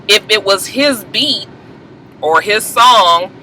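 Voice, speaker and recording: A woman giving a casual, gossipy TV episode recap, animated and sassy, laughing often and swearing freely. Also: mid-range voice, slow pace, a little hiss or hum, low-quality recording. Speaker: TV show reviewer.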